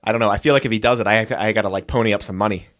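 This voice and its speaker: A man's voice: lowish voice, steady tone, very fast, fairly bright tone. An American man co-hosting a podcast, chatting casually and teasing with jokes and silly voices. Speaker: podcast co-host. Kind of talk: casual chat.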